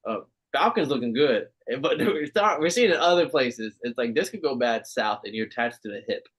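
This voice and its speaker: A man's voice: medium pitch, fairly quick, husky. A man co-hosting a podcast, chatting casually about football, swearing and laughing as he talks. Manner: animated, swearing, laughing often. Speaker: podcast co-host. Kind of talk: casual sports chat.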